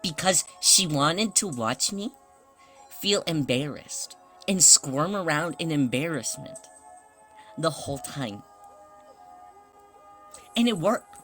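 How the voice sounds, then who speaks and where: A woman streamer in casual stream chat, an excitable storyteller who stumbles, restarts, swears and laughs often. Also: low-pitched, takes it slowly, pauses often, soft background music.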